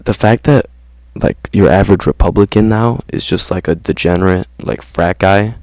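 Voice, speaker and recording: A man's voice: deep voice, normal speed, darkish tone, dry recording. A man ranting casually to his viewers in slangy, profane talk, saying "bro" constantly. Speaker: vlogger. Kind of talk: casual rant to camera.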